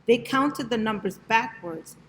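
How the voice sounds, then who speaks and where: A woman reading a rhyming picture book aloud in a gentle, rhythmic way. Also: fairly high pitch, expressive, measured pace, slight background noise, low-quality recording. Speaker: storybook reader.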